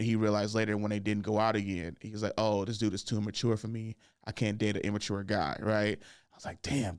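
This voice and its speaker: A podcast host in his thirties tells a story casually, laughing often and filling his speech with "like" and "right?". His voice is on the low side, clear and resonant, captured as a dry, studio-quality recording.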